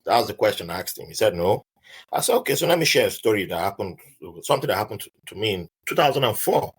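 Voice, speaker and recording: A Nigerian man with a Nigerian accent tells a story as a guest in a casual podcast chat, animatedly acting out the voices of the people in it. His voice is lowish and breathy-edged, and he talks fast.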